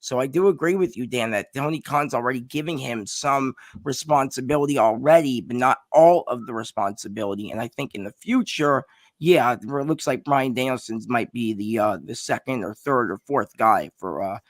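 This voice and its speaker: A man co-hosting a casual chat, talking hesitantly with many pauses and fillers. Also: mid-range voice, no echo.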